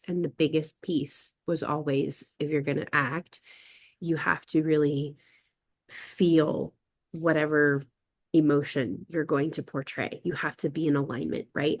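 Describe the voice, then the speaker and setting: A woman talking reflectively in a casual group conversation, wandering through her thoughts and acting out quoted phrases. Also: low-pitched.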